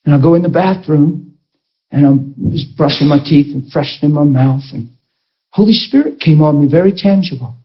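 High-voiced animated male preacher. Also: moderate pace. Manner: animated, laughing, swings between high and low voice. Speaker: pastor teaching a ministry school. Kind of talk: sermon, personal storytelling. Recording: dull lo-fi recording.

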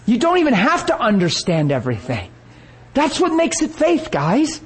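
A man preaching a sermon, telling a story with lively energy and acting out the people he quotes. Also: very high-pitched, normal speed, rough recording.

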